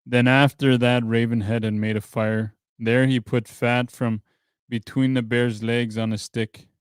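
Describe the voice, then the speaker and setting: Guy reading a traditional story on his podcast, plain and steady, smooth voice. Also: medium pitch, measured pace, no room sound. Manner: plain steady storytelling with dry offhand asides. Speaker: podcast host.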